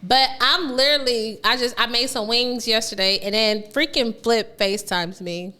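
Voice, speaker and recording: A woman's voice: fairly high pitch, steady tone, moderate pace, bright, forceful tone. A woman in her thirties hosting a podcast, chatting candidly and swearing freely. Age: 30s. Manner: candid, profane, rambling. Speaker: podcast host. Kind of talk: casual chat.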